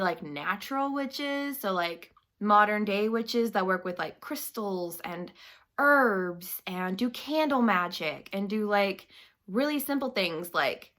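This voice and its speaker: Bright-voiced young woman ranting casually. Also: mid-range voice. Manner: chatty, swears freely, heavy use of "like". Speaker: book reviewer. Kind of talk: casual vlog rant.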